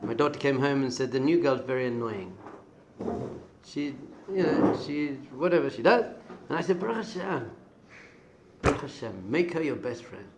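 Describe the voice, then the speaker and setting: A middle-aged man, a rabbi, giving a lively Torah class to yeshiva students, moving between loud emphatic bursts and quiet asides and dropping Hebrew terms into his talk. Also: mid-range voice, moderate pace, long pauses, heavy background noise.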